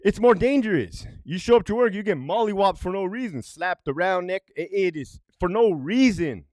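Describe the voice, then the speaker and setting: A middle-aged former correctional officer tells prison stories in a high voice at normal speed, animated and worked up, swearing and repeatedly asking "right?" It's storytime commentary with clean studio sound and no room echo.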